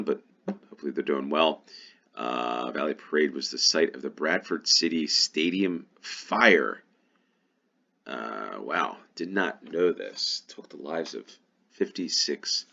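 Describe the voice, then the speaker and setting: A man's voice: a bass voice, gravelly, sharp tone, lo-fi sound. An American man giving casual play-along commentary on a game, musing aloud and thinking to himself. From United States. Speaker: gaming YouTuber.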